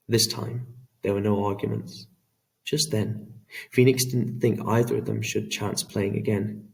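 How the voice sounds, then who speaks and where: A man reading an audiobook in a measured, dramatic storytelling manner. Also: lowish voice, fairly even intonation, gravelly, darkish tone, recorded from a distance. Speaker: audiobook narrator. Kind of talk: scripted narration.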